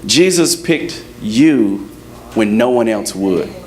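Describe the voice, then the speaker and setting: A man preaching a lively sermon to his congregation, joking and acting out little scenes as he goes. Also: lowish voice, slow. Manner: playful, acts out quotes, laughs with congregation. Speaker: pastor. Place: church service.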